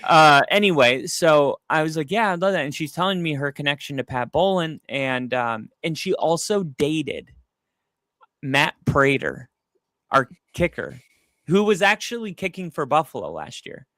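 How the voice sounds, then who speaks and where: A higher-voiced man co-hosting a sports chat podcast tells stories with lots of animation, acting out what people said. The pace is normal and the studio recording is clean, without any room sound.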